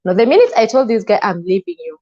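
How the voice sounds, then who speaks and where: A woman's voice: medium pitch, fast talker. A woman, a guest on an interview show, animatedly retelling a personal story. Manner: animated retelling with frequent "and I'm like" asides. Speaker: guest telling her story. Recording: slightly muffled, dull sound.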